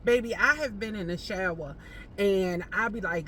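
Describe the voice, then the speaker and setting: A woman entrepreneur chatting casually to camera while parked outside a post office, animated and playful, calling the viewer baby. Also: medium pitch, moderate pace, a little hiss or hum. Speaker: entrepreneur vlogger.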